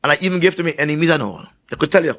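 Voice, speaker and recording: A Trinidad and Tobago–accented man fires up a crowd at a political rally. His voice sits high and rings bright as he spins boastful stories about himself. He trips and repeats himself now and then, then pushes on. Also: lively intonation, rapid-fire. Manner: boastful, forceful storyteller. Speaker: political candidate.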